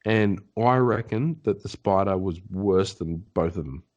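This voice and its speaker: A man co-hosting a podcast, telling a long story in a loose, casual chat. His delivery is animated and full of swearing. He slips into voices for the people he is describing. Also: sits low, a little slow, dull audio. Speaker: podcast co-host.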